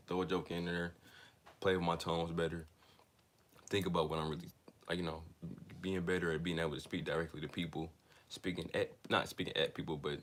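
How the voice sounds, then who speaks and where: Reading from a self-help book, a young man with a low, fairly bright voice stumbles and restarts words as he goes, pausing for casual remarks to his audience. There's a little hiss or hum on the recording.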